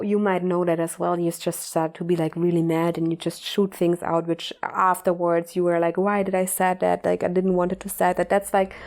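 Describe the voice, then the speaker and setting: A woman's voice: on the low side, creaky, darkish tone. Earnest woman coach, filler-heavy talk. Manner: earnest, repeats "like" and "you know", laughs often. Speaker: mindfulness coach. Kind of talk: casual motivational talk.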